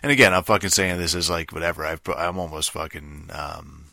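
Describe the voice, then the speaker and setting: A man's voice: rumbling low, fairly quick, creaky, bright, forceful tone, no room sound, clean studio sound. A man giving a rambling, sarcastic rant about video games, swearing in nearly every sentence and full of fillers. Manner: sarcastic, mocking. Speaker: gaming commentator. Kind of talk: casual ranting monologue.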